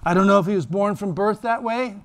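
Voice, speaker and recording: Male pastor, high voice, lively sermon delivery with acted-out voices. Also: fairly quick. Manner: animated storytelling, acts out voices. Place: church.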